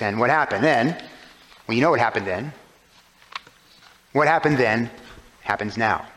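A man with a medium-pitched, fairly bright voice preaches a little fast but with long pauses, explaining scripture through rhetorical questions and changing emphasis. The recording has long hall reverb.

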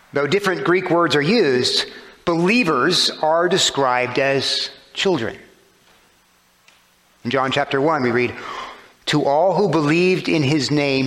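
A man's voice: medium pitch, fairly bright tone. A man preaching a sermon, explaining scripture with rhetorical questions and shifting emphasis. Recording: long hall reverb.

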